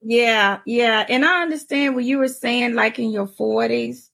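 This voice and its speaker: A woman in her forties telling stories in a casual chat, animated and often laughing. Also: on the high side, measured pace, creaky. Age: 40s. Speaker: panelist.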